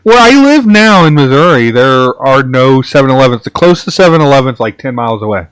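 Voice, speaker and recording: A man's voice: mid-range voice, big pitch swings, a little fast, a bit bright, clear, resonant tone, dry recording. Rambling man, dry close sound. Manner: rambling storyteller, many restarts and "like"s. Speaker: podcast host. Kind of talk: casual chat.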